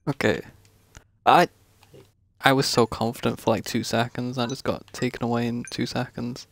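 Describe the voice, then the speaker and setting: Streaming a game live, a man with a medium-pitched voice at normal speed gives gameplay commentary. He talks to himself in a frustrated, self-mocking way and swears a lot.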